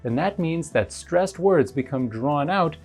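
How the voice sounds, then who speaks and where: A woman teaching English in a recorded lesson, explaining clearly and step by step. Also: deep voice, animated, measured pace, darkish tone, soft background music.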